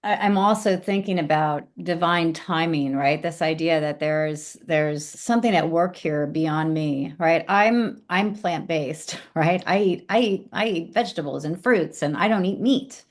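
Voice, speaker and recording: A woman's voice: deep voice, a little slow, few pauses. A woman leading a spiritual class conversation, speaking reflectively and checking in with her listeners. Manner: reflective, often asks "right?". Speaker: class leader.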